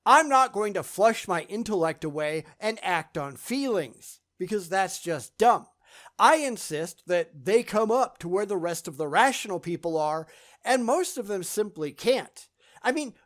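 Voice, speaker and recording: Blunt, scornful channel host. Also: medium pitch. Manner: dismissive sarcasm. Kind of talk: scripted monologue answering viewer questions.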